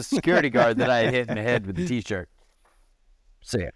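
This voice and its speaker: Fairly quick and full of energy, a middle-aged podcast guest swaps stories in a casual chat, voicing the people in them with a higher pitch. The studio-quality audio has no echo.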